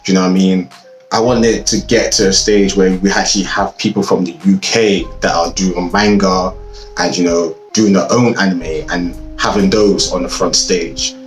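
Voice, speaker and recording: A man's voice: low voice, steady tone, normal speed, soft background music. A man who founded a cosplay group, talking earnestly about his hopes and restarting his sentences. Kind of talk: casual talk.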